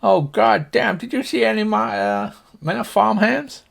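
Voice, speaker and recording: A cranky old rancher with a shrill, much higher voice, spitting curses in a gravelly drawl, as a man puts him on. He sounds loud and raised, grumbling at everyone around him in a tabletop game. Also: normal speed, exaggerated voice. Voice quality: shrill high cursing drawl. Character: cranky beaten old male rancher, cursing.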